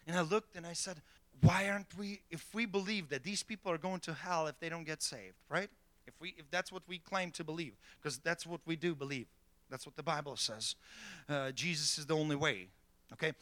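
A middle-aged pastor preaches with emphatic, rising delivery, punctuating points with "okay?" and "amen." His voice sits high for a man and has a sharp, bright edge. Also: moderate pace, no room sound, clean studio sound. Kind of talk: sermon.

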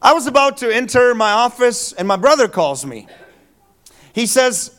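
A male pastor giving a Christmas Eve sermon in a church, telling stories in a relaxed, joking, conversational way with fillers. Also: very high-pitched, moderate pace. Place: church sanctuary.

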